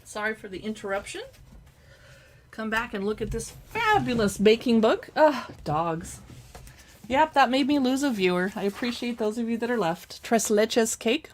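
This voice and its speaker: A woman hosting a casual live cookbook look-through, chatty and reading recipe names aloud with quick reactions. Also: a little high, lively intonation, a little hiss or hum. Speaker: cookbook reviewer livestreaming.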